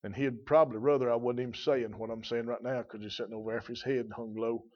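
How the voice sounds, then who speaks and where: A man's voice: medium pitch, steady tone, fast. A man preaching a sermon as pastor in a church, earnest, with rhetorical questions and a rising and falling voice. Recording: dull lo-fi church recording.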